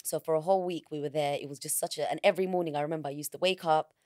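A woman's voice: low-pitched, fairly even intonation, racing, a little mellow, no room sound, clean studio sound. A woman, a podcast guest telling a personal story candidly in frank, slangy words. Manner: frank, slangy, vivid retelling.

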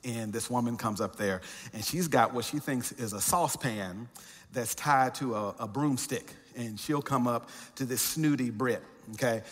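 A man's voice: medium pitch, moderate pace. A male pastor giving a sermon with conversational, humorous storytelling and frequent fillers. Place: church. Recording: church hall with long reverb.

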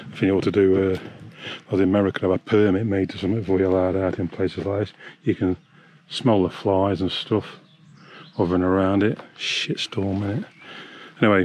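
A man's voice: low-pitched, a little mellow, slight background noise. A man, ranting angrily and swearing while vlogging on a hiking trail. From England. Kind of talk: angry outdoor vlog.

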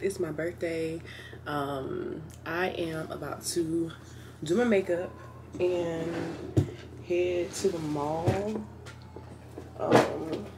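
Candid woman vlogging in a noisy car. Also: lowish voice. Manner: candid, rambling, talks straight to viewers. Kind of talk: casual self-filmed vlog chat. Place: inside a car.

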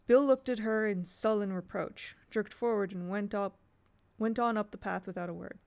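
Gravelly woman reading a storybook. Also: medium pitch, moderate pace, darkish tone. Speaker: audiobook reader. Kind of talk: storybook narration.

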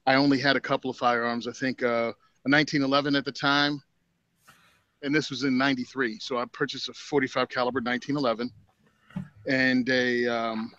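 A man from Southern Virginia chats easily as a podcast guest, with a relaxed, country-style way of telling his story. His voice sits at a middle pitch and comes through a video call that sounds dull, dry and close, with no room around it. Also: brisk, no room sound. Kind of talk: casual chat.

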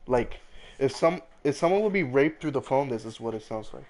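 Excitable man streaming a game, crude jokes. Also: medium pitch, a little fast. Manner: excitable, crude joking, repeats words in bursts. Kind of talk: casual gaming chat with a friend.

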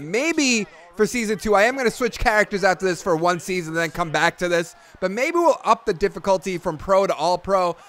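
A young man giving let's play commentary on a football video game, excitable, yelling at plays and then grumbling about them. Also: sits high. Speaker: gaming YouTuber.

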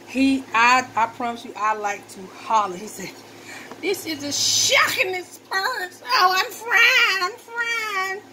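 A woman's voice: fairly high pitch, a little hiss or hum, low-quality recording. A woman chatting casually to her viewers while she chops vegetables in her home kitchen, folksy and talkative. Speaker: cooking vlogger. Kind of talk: casual cooking demo talk. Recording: loud knife chopping and kitchen clatter.

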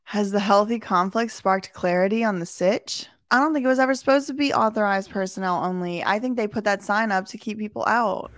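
A woman's voice: mid-range voice, fairly quick, hardly any pauses, no room sound. Woman doing reaction commentary, snarky and blunt, dry close sound. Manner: blunt, mocking, laughs often.

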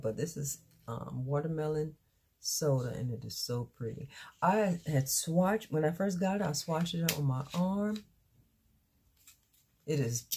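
A woman chatting excitedly in a casual unboxing vlog, recorded on a phone camera, halting with fillers. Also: sits low, breathy edge. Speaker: beauty vlogger.

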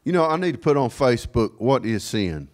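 A man preaching a sermon in a church, sprinkling his talk with amen and praise God, swinging from quiet asides to raised, ringing declarations. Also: medium pitch, sing-song, fairly quick. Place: church sanctuary.

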